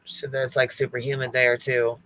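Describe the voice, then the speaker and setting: Bright-voiced man, profane and animated. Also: medium pitch, normal speed. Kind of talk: casual live chat.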